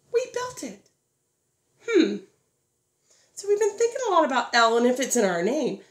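A woman leads a preschool phonics lesson in a high, bouncing voice. She talks slowly and encourages as she draws out each letter sound. Her voice carries in an echoey room. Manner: sing-song, encouraging, drawn-out letter sounds. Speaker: preschool teacher.

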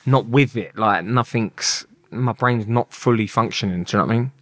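A man's voice: lowish voice, normal speed. A young man with a London accent, telling a rambling story as an interview guest, swearing and laughing as he talks. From England.

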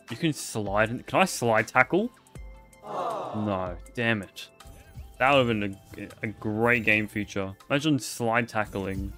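A man's voice: mid-range voice, fairly bright tone. A young man giving playful, jokey commentary over a video game, chatting to the creatures on screen as he plays. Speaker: gaming video host. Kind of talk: casual gameplay commentary.

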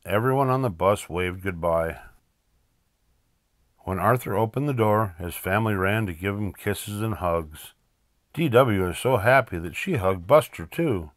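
Casting: older male storyteller, low voice, very lively delivery, dry close read. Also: measured pace, no room sound. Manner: lively, expressive. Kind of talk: reading a children's picture book aloud.

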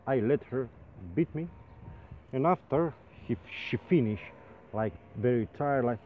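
A man telling a funny story in halting English, full of restarts and comic exaggeration. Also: medium pitch. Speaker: rope access painter. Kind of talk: casual storytelling vlog. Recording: phone-like sound with faint noise.

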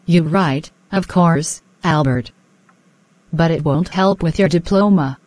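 A woman's voice: sits low, slow pace, darkish tone, no room sound. A woman voicing an irritable middle-aged landlady who speaks bluntly.

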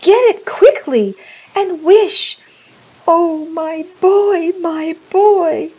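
A woman voicing a frantic, grieving old woman who cries out in shrill, desperate pleas. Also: very slow, warm tone, exaggerated voice, low-quality recording.

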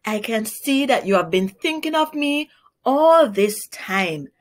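A woman's voice: fairly high pitch, lively intonation, slow pace. A woman doing a gullible crow preacher. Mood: delighted. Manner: demanding, then gushing.

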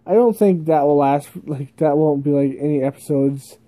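Rambling young guy with a dark voice. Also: a little high, moderate pace, dry recording. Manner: rambling, laughs often, many fillers. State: sleepy, yawning. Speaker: YouTube reviewer. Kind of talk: casual cartoon review.

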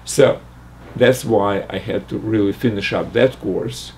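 An older man teaching math, working slowly through a logic puzzle aloud with frequent restarts. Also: on the low side, steady tone, darkish tone, a little hiss or hum. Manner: halting, restarts and fillers while reasoning aloud. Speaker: math lecturer.

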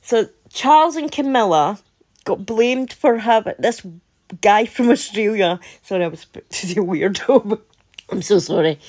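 A woman's voice: medium pitch, darkish tone. A woman with a Scottish accent chatting to camera as a vlogger, laughing often and breaking into incredulous asides. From Scotland. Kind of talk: casual chat to camera.

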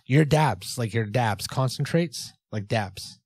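A man's voice: mid-range voice, animated, slow pace, hardly any pauses, darkish tone, breathy edge, no room sound, clean studio sound. Playful man leading podcast bits. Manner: playful, leads the bits with mock instructions. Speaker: podcast co-host. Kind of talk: comedic podcast banter and mock ad read.

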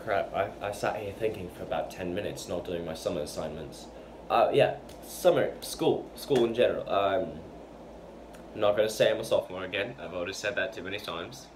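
Teen boy, unscripted vlog, low and unhurried, fumbling with fillers, audible background noise. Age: teens. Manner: hesitant, many fillers and restarts. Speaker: fan channel member. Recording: noisy home recording.

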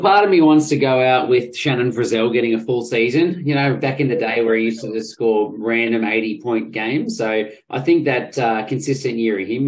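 A man's voice: mid-range voice, low-quality recording. A man, co-hosting a rugby podcast and joking cockily through casual banter. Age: 30s. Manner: cocky and joking. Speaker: podcast co-host.

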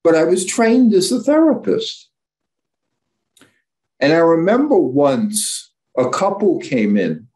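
Slow-talking, candid male psychologist. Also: fairly high pitch, sing-song, mellow. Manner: candid and blunt, with stumbles and self-corrections. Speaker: psychologist and guest speaker. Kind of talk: informal lecture.

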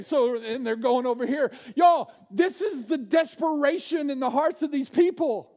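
High-voiced preacher man. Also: moderate pace, hardly any pauses. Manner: animated preaching, swings from loud bursts to hushed, low asides. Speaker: pastor. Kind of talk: sermon.

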